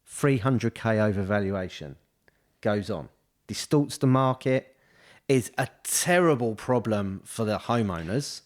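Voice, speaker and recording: A man's voice: lowish voice, expressive, unhurried. A man co-hosting a casual podcast, rambling through his points with many restarts and fillers. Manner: rambling, full of restarts and "you know". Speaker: podcast co-host, estate agent. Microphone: studio podcast mic.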